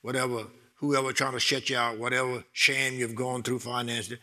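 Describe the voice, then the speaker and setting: A middle-aged man preaching a sermon, excitable, repeating words and building to loud bursts with laughter. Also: medium pitch, fairly quick.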